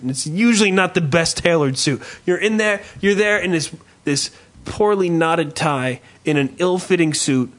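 A man hosting a podcast in casual chat, rambling and swearing freely while riffing with dark humor. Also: a little high. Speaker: podcast host.

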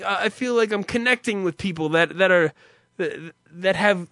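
Bright-voiced man ranting profanely. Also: sits high, no echo, studio quality. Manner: rambling, profane, laughs often. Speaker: streamer host. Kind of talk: casual profane monologue.

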